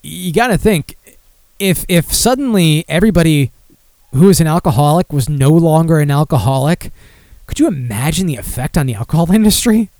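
A man's voice: on the high side, animated, brisk, darkish tone, no room sound. A man hosting a podcast alone, rambling sardonically through listener comments with many fillers and restarts. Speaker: podcast host. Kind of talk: casual solo podcast commentary.

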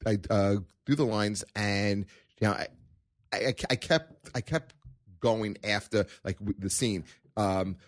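A man's voice: fairly low pitch, unhurried, dry recording, clean studio sound. A man telling a long rambling story about an audition in casual chat, restarting his sentences often. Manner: rambling anecdotes with many restarts. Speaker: podcast guest actor.

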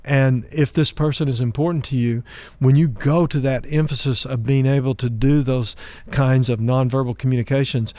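A man pastor giving a teaching talk on relationships, speaking in a measured, conversational way and explaining with everyday examples. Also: mid-range voice, steady tone, mellow, no room sound.

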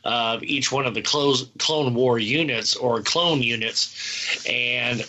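A man's voice: mid-range voice, takes it slowly, bright, forceful tone, poor audio. A man who hosts a TV review show, chatting casually and giving long explanatory answers. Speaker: podcast host reviewing TV shows. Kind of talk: casual chat.

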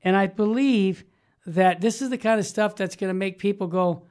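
This is a Christian talk show host with an upbeat, emphatic delivery. The voice sits at a middling pitch, and the host keeps affirming the co-host while moving through news items. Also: normal speed, darkish tone. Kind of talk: casual conservative Christian talk show chat.

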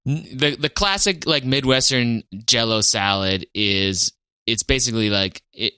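A man's voice: mid-range voice, measured pace, pushed and bright, smooth, no echo, clean studio sound. A man co-hosting a podcast, easygoing and thinking aloud in casual chat. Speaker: podcast co-host.

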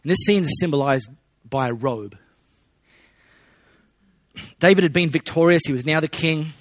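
Aussie pastor guy preaching, chatty and jokey, slightly higher voice, dry close sound. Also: normal speed, no echo. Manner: conversational, joking asides to the congregation. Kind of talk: sermon.

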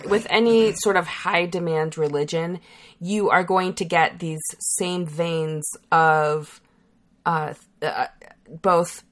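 A woman co-hosting a podcast in casual, playful conversation, quick to laugh and tease. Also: deep voice. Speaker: podcast co-host. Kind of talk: casual chat.

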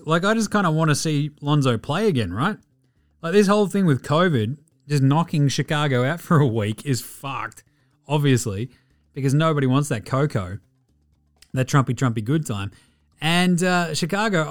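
Excitable, foul-mouthed Australian man. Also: on the high side, dry recording, clean studio sound. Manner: profane, excitable, mocking. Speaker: podcast host. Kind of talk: casual sports podcast chat.

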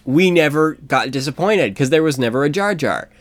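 A man with an American accent co-hosting a casual podcast about movies, rambling and joking with quick asides. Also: fairly high pitch, expressive. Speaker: podcast co-host. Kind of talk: casual movie review chat.

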